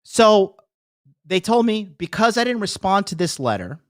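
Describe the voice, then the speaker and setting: A podcast host delivers a heated, profane, casual rant as a monologue, acting out the people he quotes. His voice is high and sing-song, a little slow, and recorded in studio quality with no room sound.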